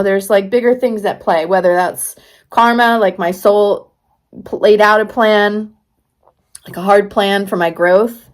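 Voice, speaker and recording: A woman artist talking to camera in a vlog, musing earnestly and rambling with many fillers. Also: mid-range voice. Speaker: artist and vlogger. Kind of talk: reflective vlog talk to camera.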